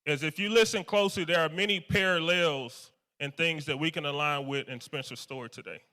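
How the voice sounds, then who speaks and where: Host role: man with a bright, smooth voice, slow and deliberate intro, echoey hall. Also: on the high side. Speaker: meeting host introducing the speaker. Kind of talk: formal introduction.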